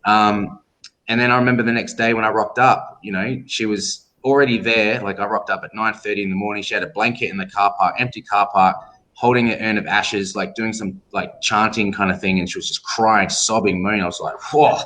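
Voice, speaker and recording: A man's voice: lowish voice, brisk. A middle-aged Australian man, a tattoo artist guest, telling stories casually and acting out the voices of people he quotes. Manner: animated storyteller who acts out quoted voices. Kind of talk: casual storytelling interview.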